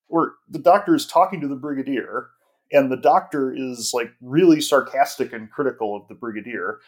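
A man co-hosting a podcast, talking in a casual, animated and opinionated way, full of restarts and "like". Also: a little high, breathy edge. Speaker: podcast co-host.

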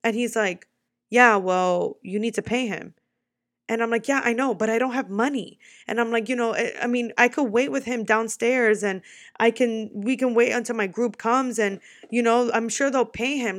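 A young woman from the United States telling a personal story to her viewers in a casual vlog, animated and quick, swearing freely. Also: fairly high pitch, no room sound, clean studio sound. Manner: animated, swearing, talks fast in bursts. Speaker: vlogger.

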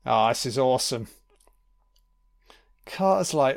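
A man's voice: medium pitch, steady tone, slow, clean tone. A man giving a casual, sweary and wry commentary over a film.

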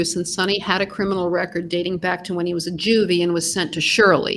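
A woman's voice: fairly low pitch, fairly bright tone, slight background noise, low-quality recording. A woman co-hosting a podcast, narrating scripted true crime with dry, blunt asides. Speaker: podcast co-host.

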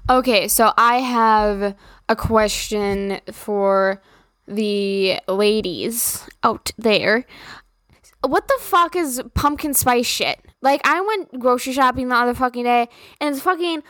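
A woman's voice: on the high side, takes it slowly, a bit bright, no echo. A young woman, hosting a podcast and venting casually, full of swearing and filler words. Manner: profane, rambling, filler-heavy. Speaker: podcast host.

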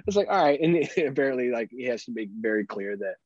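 Husky, dull-sounding man chatting. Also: medium pitch, animated, quick pace, no echo. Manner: laid-back, swears casually, laughs often. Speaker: podcast co-host. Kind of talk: casual chat.

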